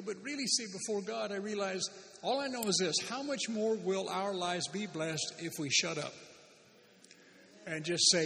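A man preaching a sermon as a pastor, animated and emphatic, with sudden loud bursts and speech. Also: high voice, normal speed, vocal fry. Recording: long hall reverb.

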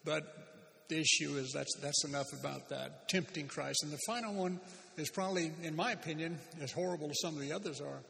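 A man preaching a sermon as a pastor, animated and emphatic, with sudden loud bursts and speech. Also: fairly high pitch, brisk, gravelly, a little hiss or hum. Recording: long hall reverb.

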